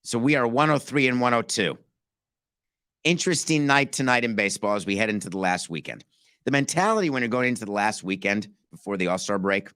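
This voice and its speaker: A man's voice: lowish voice, a bit bright, clean tone, no room sound, studio quality. A man hosting a sports talk podcast, speaking emphatically and firing off rhetorical questions. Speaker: podcast host.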